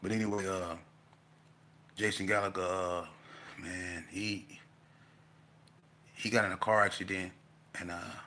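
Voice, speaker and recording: A man telling a casual storytelling monologue, animated and profane, breaking into loud outbursts. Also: sits low, a little slow, long pauses. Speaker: vlogger telling stories.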